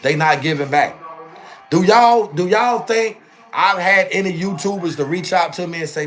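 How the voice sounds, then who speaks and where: A man's voice: high-pitched, moderate pace, fairly bright tone, soft background music. A young adult man hosting his own channel, talking casually and animatedly to viewers on a live stream and ending phrases with "bro" and "man". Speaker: channel host.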